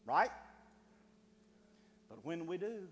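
A man preaching a sermon as pastor, calling out to the church and building to loud, rising appeals. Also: a little high, very animated, slow pace, long reverb tail, slight background noise.

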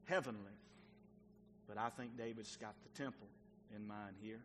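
A man's voice: mid-range voice, flat delivery, moderate pace, fairly bright tone. Male pastor, folksy sermon delivery, talks straight to the pews; long hall reverb. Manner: folksy, talks directly to the congregation. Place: church sanctuary. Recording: long church reverb, faint noise.

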